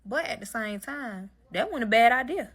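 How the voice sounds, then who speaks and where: A woman's voice: fairly high pitch, lively intonation, moderate pace, fairly bright tone, breathy edge. A woman telling a dramatic personal story to her listeners, profane and emphatic, talking straight to them. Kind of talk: casual storytime monologue.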